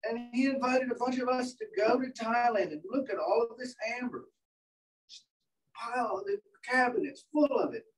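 A man teaching entomology to a training group, telling stories with animated, acted-out quotes. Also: extremely high pitch, normal speed, distant mic, rough recording. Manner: animated storyteller, acts out voices. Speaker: entomologist lecturer. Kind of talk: anecdotal training lecture. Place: indoor training room.

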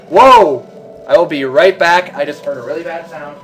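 A man's voice: a little high, slow, pauses often, fairly bright tone, faint music behind. A man giving rambling gameplay commentary as a let's play host, mumbling at times and bursting out angrily at others. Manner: rambling, swings between mumbling and angry outbursts.

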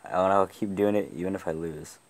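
A young man giving live gameplay commentary, excitable, often laughing and yelling at the game. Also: sits low, fast. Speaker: gaming YouTuber.

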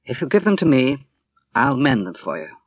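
A man's voice: medium pitch, wildly swooping pitch, moderate pace, dry recording, studio quality, pitched above the performer's own voice. A man putting on a brash, blunt young woman. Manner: brash, teasing and outspoken.

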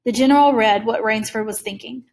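A woman reads a story aloud in a measured, careful way, slowing down for suspenseful moments. Her voice sits fairly high. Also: gravelly, darkish tone, distant mic. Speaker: reader. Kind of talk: read-aloud story narration.

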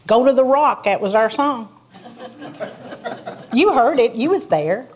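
A woman's voice: fairly high pitch, animated. A woman playing a sassy, gossipy churchgoing country woman who trades jokes on a talk show, speaking. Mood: chatty. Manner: chatty, teasing, quick to laugh at her own jokes. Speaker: comedy character visiting a diner show. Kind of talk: comic banter on a talk show.

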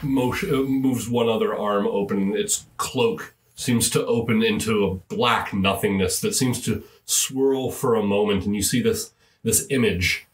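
A man narrating as game master of a tabletop game, describing scenes in halting narration. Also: fairly low pitch, echoey room.

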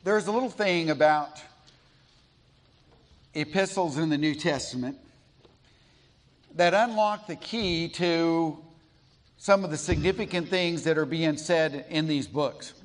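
A middle-aged male preacher from Colorado delivering a sermon in a church. His voice sits high for a man, and he takes his time, unhurried and deliberate, letting pauses land between his stories. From Colorado, USA. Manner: storytelling, slow and deliberate with pauses. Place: church sanctuary.

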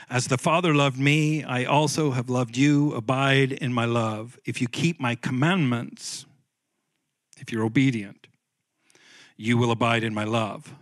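In a church sanctuary, a male pastor with a medium-pitched voice gives a conversational sermon with no echo. He often repeats words and starts phrases over.

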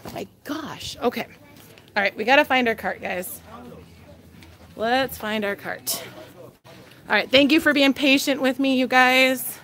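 A woman's voice: high-pitched, a little slow, pauses often, fairly bright tone. Bubbly woman live-streaming in a store. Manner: bubbly, chatty, laughs often. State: a bit out of breath. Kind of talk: casual live-stream chat. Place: large store.

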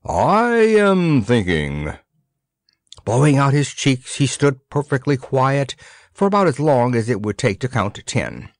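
An audiobook narrator reads a children's storybook aloud expressively, with a medium-pitched voice at a moderate pace. The recording is dry and of studio quality.

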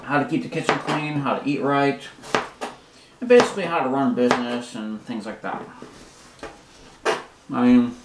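A man with a mid-range voice rambles in a frustrated, halting way, full of fillers, as he vlogs from his home kitchen. The room is echoey and the mic sits far away. Loud kitchen noise fills the background as dishes, pots, pans and drawers clatter.

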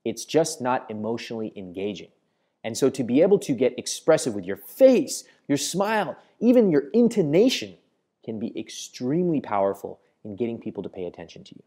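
A man teaching to camera in a studio, with a mellow, warm tone. His pitch moves a lot as he talks, and he keeps his delivery expressive and deliberate. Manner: expressive, varied intonation, deliberate slowing. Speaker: host. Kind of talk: instructional talk to camera.

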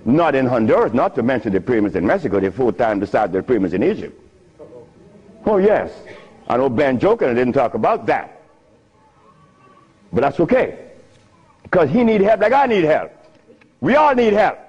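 An older man giving a talk, telling stories with frequent laughter and big swings in pitch. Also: sing-song, normal speed, long pauses, a little mellow, slightly rough. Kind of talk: animated storytelling lecture. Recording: muffled lo-fi recording.

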